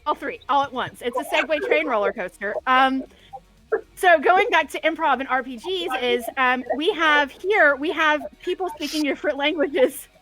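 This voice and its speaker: A woman's voice: high voice, moderate pace, pushed and bright, faint music behind. A woman chatting casually on a show, telling rambling stories full of tangents. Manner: rambling, tangent-prone storytelling. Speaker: podcast co-host. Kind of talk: casual chat.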